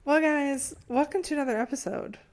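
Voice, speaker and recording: A woman's voice: high-pitched, brisk, darkish tone. Chatty woman with a slightly scratchy voice. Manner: chatty, rambling with many "like"s. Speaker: podcast co-host. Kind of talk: casual chat.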